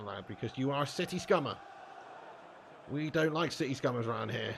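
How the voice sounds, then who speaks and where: A man's voice: medium pitch, lively intonation, fairly quick, vocal fry, a bit bright, slight background noise. A man live-streaming a football game, bantering casually with his chat, reading out comments and swearing freely.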